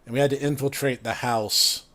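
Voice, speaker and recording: A man casually recounting tabletop game stories to a co-host, animated and laughing along the way. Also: mid-range voice, normal speed. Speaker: podcast co-host, former tabletop player. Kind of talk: casual storytelling chat.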